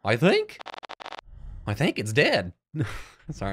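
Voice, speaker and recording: A man commentating a video game playthrough, frustrated and swearing in loud outbursts. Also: mid-range voice, huge pitch swings, takes it slowly, a little hiss or hum. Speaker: gaming YouTuber. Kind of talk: let's play commentary.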